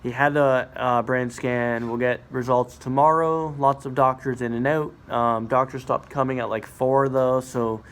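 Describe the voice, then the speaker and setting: A man's voice: mid-range voice, flat delivery, a little slow, few pauses. A young man vlogging at a hospital, sounding sick and rambling with many fillers and restarts. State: sick, voice affected by illness. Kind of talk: casual vlog to camera. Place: hospital ward and car at night.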